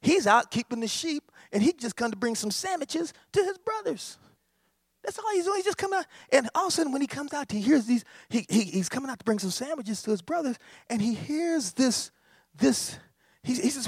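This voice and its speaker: Animated preacher, high voice. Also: male voice, a little fast, breathy edge, no echo, studio quality. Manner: animated, repetitive, emphatic. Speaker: pastor. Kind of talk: sermon.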